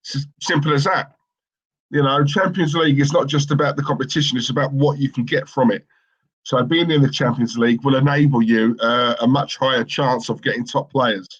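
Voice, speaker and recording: A man's voice: medium pitch, fairly even intonation, a little fast, husky, highs cut off. A man co-hosting a live football watchalong stream, chatting casually and reading out viewer comments in a rambling, opinionated way with lots of fillers and restarts.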